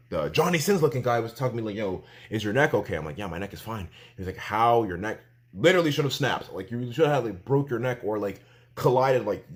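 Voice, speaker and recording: A young man recounts a story for a vlog in a casual, slangy way. His voice swings widely in pitch as he acts out what others said, piling up repeated fillers as he goes. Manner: animated, excitable storytelling with quoted dialogue.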